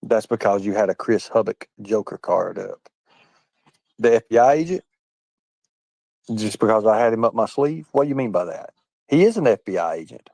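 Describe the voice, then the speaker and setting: A man's voice: fairly low pitch, animated, normal speed, vocal fry, pauses often, a little mellow, dry recording. Combative, foul-mouthed male streamer. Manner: combative, swearing, repetitive, addresses chat directly. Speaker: livestream host. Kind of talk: profane live-stream rant.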